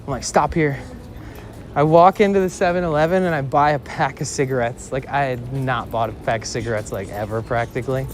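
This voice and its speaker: A man's voice: medium pitch, quick pace, hardly any pauses, soft background music. A man in his twenties telling a personal story in a casual, rambling way, swearing and saying "like" often while streaming outdoors on a city street. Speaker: IRL streamer.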